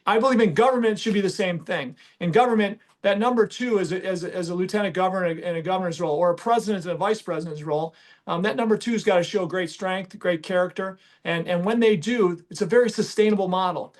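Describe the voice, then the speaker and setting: Man, middle-aged, high voice, rambling, emphatic, podcast host. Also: fast talker. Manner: rambling, many restarts, emphatic. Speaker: podcast host and business owner. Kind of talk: casual podcast conversation.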